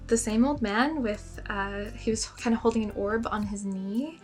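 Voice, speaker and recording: A woman's voice: mid-range voice, moderate pace, soft background music. A young woman telling a personal story in a casual vlog, chatty and self-mocking, full of "like" fillers. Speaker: spiritual storyteller.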